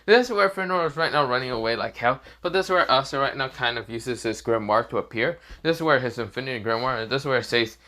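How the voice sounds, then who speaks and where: Fast and forceful, with a bright, animated medium-pitched voice and few pauses, a man spins a fan story on the spot. He rambles casually and leans on fillers like "this is where, well, mostly."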